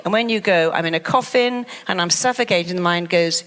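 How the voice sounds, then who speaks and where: Lively woman giving a motivational talk. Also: fairly low pitch, fairly quick, in a large hall. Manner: animated, acts out quoted voices of clients. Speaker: therapist and speaker.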